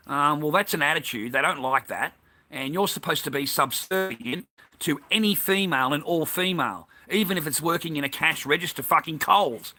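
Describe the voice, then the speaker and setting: A man's voice: on the high side, fairly quick, pushed and bright. A man with an Australian accent delivering an angry, profane, repetitive ranting monologue as a vlogger.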